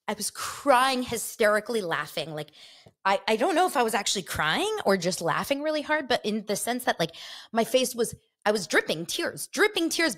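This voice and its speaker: A woman's voice: mid-range voice, a bit bright. A woman hosting a casual chat show, telling a rambling story full of fillers. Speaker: podcast host.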